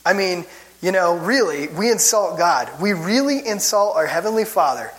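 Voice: mid-range voice, expressive, normal speed. A Bible teacher giving a casual teaching talk with wry, chuckling asides, and gets worked up at times.

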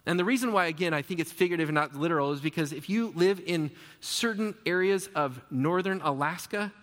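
Guy preaching a sermon, kinda high voice, lots of rhetorical questions, long echo like a big church. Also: a little fast, a bit bright. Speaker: pastor.

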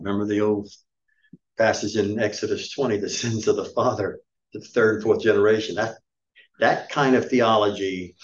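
A man's voice: fairly low pitch, dull audio. A middle-aged man preaching a sermon as pastor, emphatic and scolding, firing off rhetorical questions. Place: church.

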